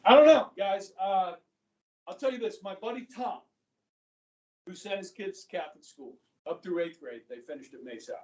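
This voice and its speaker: A man in his fifties teaches a high school government class, his voice carrying through a roomy, echoing classroom. He is picked up by a recorder set well away from him. He talks in a chatty way and keeps checking in with the students. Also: big pitch swings, moderate pace, darkish tone, muffled recording. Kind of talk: classroom lecture. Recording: echoey classroom from far off.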